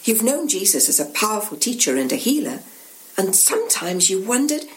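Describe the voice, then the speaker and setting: A woman's voice: medium pitch, big pitch swings, brisk. A woman giving a church reflection, telling a scene vividly in the second person for her listeners. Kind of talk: imaginative sermon narration.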